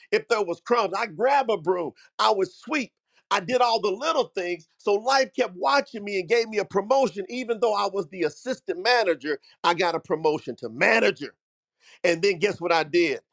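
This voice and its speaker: Man, middle-aged, high voice, emphatic motivational storytelling, preacher-like. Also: fairly bright tone. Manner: emphatic, preacher-like, addresses audience as family. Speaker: host.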